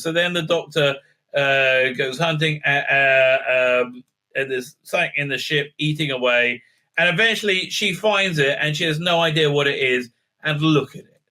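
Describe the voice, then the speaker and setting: A man's voice: fairly high pitch, bright, forceful tone. A man giving a casual, mocking review commentary, full of filler words and restarts. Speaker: TV show reviewer.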